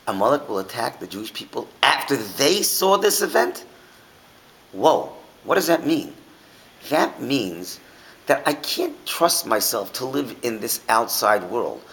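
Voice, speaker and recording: A man's voice: medium pitch, fairly bright tone, rough recording. A man teaching an informal Torah class, asking his listeners many rhetorical questions and often restarting his sentences.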